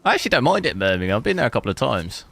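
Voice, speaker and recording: A man's voice: mid-range voice, sing-song, racing, vocal fry, a bit bright. Chatty southern English streamer man. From south coast of England. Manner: chatty, answers chat with jokey asides. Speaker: gaming streamer. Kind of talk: casual live gameplay commentary.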